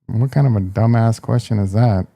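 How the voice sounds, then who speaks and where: A man's voice: on the low side, moderate pace, creaky, dark tone, no echo. A man hosting a live stream, talking in a crude, joking, rambling way. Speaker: host. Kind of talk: casual live-stream chat.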